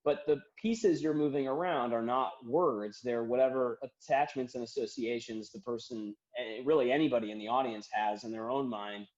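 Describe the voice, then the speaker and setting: A man, a comedian and author, chatting as a podcast guest, rambling and animated as he tells stories and acts out quotes. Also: mid-range voice, moderate pace, few pauses. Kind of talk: casual podcast conversation. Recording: dull roomy remote audio.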